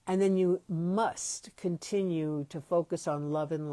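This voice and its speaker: Slow, low-voiced woman podcaster. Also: steady tone, dark tone, no room sound. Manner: slow, pausing, self-correcting speech. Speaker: podcast host. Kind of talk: reflective spiritual talk. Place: home, moved from New York to Los Angeles.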